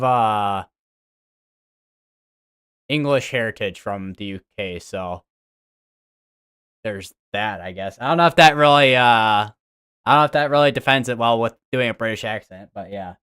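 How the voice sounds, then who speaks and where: Broadcasting from his home room in front of a green screen, a young man from the US runs a laid-back weather stream, chatting, rambling, and fixing his own slips. His mid-range voice is expressive, a bit bright, clear, and resonant, moving at a moderate pace with long pauses.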